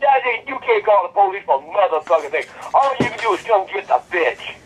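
An older man cursing and ranting furiously on a phone call, with a raspy voice. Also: high voice, expressive, a little fast. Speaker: prank call target. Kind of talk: prank call rant.

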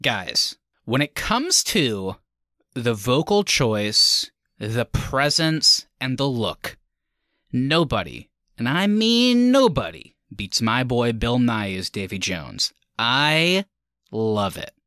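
Animated man gushing about movies. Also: mid-range voice, slow, no echo, clean studio sound. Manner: animated, enthusiastic, laughs often. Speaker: podcast co-host. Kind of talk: casual movie discussion.

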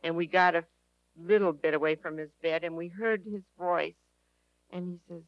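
A woman's voice: lowish voice, steady tone, normal speed, dry recording, rough recording. Earnest woman telling a testimony. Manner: earnest, emphatic, repeats key phrases. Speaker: speaker at a prayer teaching session. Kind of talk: testimony storytelling to an audience.

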